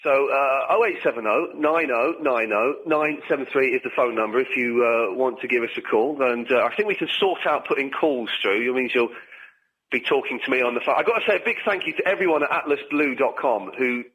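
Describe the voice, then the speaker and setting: A man hosting a live radio show, rambling and halting with many fillers in a chatty, playful way. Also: medium pitch, muffled recording. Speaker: radio host. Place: radio studio.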